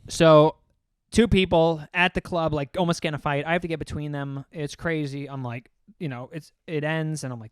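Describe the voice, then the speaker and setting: Brief: young male comedian, lively storyteller, smooth clear voice. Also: a little high, fast talker, no echo, studio quality. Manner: animated, rambling, acts out quotes. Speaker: comedian and podcast host. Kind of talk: casual storytelling chat.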